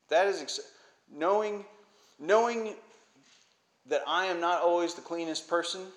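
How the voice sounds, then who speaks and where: A man explains scripture in a relaxed, conversational way, often checking in with rhetorical questions. His voice sits a little high for a man. The room adds a noticeable echo. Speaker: Bible teacher. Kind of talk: casual Bible teaching. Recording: roomy echo.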